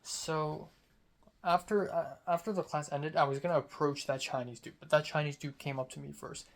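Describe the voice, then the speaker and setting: A young man from Hong Kong talks through his day in a casual vlog. His voice sits a little high, and he sounds sleepy as he rambles slowly with plenty of fillers. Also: steady tone, gravelly. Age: young adult. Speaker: student vlogger.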